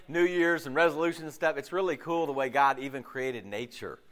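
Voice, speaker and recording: A male pastor giving a casual sermon, his voice hoarse and deeper than usual from a lost voice, rambling with many fillers and restarts before a congregation. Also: a little fast, fairly bright tone. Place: church service before a congregation.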